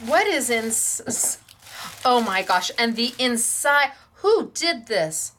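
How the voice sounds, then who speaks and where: A woman's voice: fairly high pitch, big pitch swings, slow, fairly bright tone, a little hiss or hum. A woman hosting a craft class, gushing with admiration over viewers' handmade projects.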